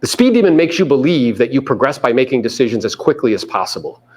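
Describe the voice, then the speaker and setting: Animated man coaching a live audience. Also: mid-range voice, fast talker. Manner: energetic, questions the audience, mimics people in funny voices. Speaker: real estate coach speaking to agents. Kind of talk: live motivational seminar talk. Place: training room before a live audience.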